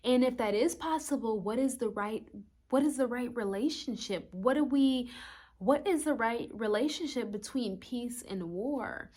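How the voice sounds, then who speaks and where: A woman's voice: a little high, a little slow, darkish tone. A woman voicing an earnest embodiment of balance, anxiously asking how opposites can find harmony. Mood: searching. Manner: searching, anxious questioning. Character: earnest peace-seeking balance energy, female.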